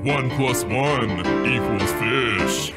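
A man putting on a booming movie-trailer announcer voice with slow, dramatic delivery. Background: loud music.

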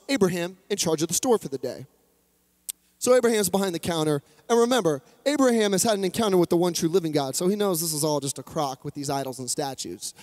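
A man's voice: sits high, a little mellow. A man preaching a sermon, retelling an old story in a chatty, humorous way with playful asides. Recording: long hall reverb.

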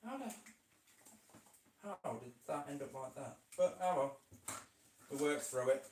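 A reptile keeper who vlogs chats casually and rambles while working in an indoor reptile room, talking to his animals as he goes. His fairly high, animated voice has a darkish tone and an unhurried pace. He's recorded away from the mic in an echoey, roomy space, with a little hiss or hum.

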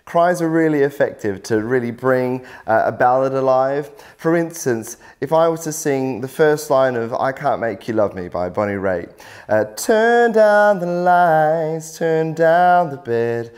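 A man's voice: mid-range voice, normal speed, a little mellow, clear, resonant tone. A man teaching singing in an instructional video workshop, explaining in an encouraging way. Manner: encouraging, explains with many "lovely" and "little". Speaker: vocal coach.

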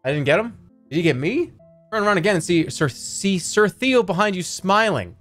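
A man's voice: sits high, lively intonation, a little fast, a bit bright, faint music behind. A man streaming, chatting casually and reading a text adventure aloud in a rambling, giggly, profane way.

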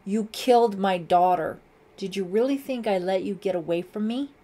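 A woman reading an audiobook, voicing a stern middle-aged police lieutenant who shouts orders. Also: high voice, level tone, normal speed, natural voice. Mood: menacing. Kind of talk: audiobook character voice.

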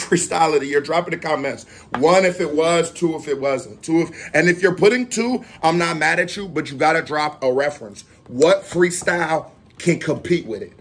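A man hosting a casual reaction video, excitable with loud outbursts, a little out of breath. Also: a little high. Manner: excitable, loud outbursts and chanting between talk.

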